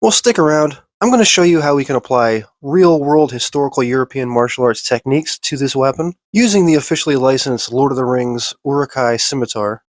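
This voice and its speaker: A man's voice: mid-range voice, no room sound. A young man with a stuffy, nasal voice from a cold, explaining how to use a sword in an instructional video with dry joking asides. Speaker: martial arts instructor.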